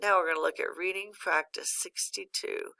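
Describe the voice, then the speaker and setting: Lady phonics teacher, low-ish gravelly voice, patient, waits for kids to answer. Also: steady tone, bright, forceful tone. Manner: patient, encouraging, pauses for student answers. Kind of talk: recorded phonics lesson.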